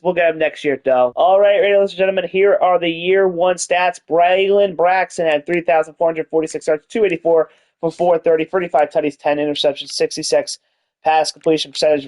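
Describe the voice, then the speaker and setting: Excitable young gaming streamer, man. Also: on the high side. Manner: excited, swearing, mock-announcer bursts. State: tired, yawning. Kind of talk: casual live game commentary.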